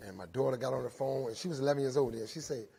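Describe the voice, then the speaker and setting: Middle-aged guy, kinda husky, telling his recovery story to a room of inmates, keeps saying "right?". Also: medium pitch, rapid-fire, mellow. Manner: tags nearly every sentence with "right?"; earnest storytelling, repeats phrases. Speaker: recovery speaker. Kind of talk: personal recovery testimony. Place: speaking live to inmates inside a jail.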